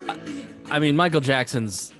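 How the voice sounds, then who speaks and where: A man co-hosting a podcast, joking and asking questions in relaxed casual chat. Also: mid-range voice, moderate pace, soft background music. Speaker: podcast co-host.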